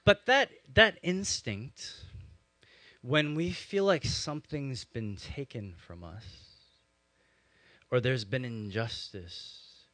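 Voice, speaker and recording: A young adult man preaching as a pastor, telling a personal story in a relaxed conversational way with many "um"s and "like"s. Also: medium pitch, takes it slowly, no room sound. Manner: conversational, animated storytelling with frequent "um" and "like".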